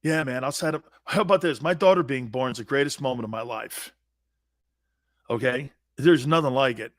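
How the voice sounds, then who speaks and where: A man's voice: medium pitch, normal speed, no echo, studio quality. A man in his fifties, a sports talk host and former pro player, telling personal stories in a blunt, emphatic way with salty slang. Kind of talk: animated personal storytelling.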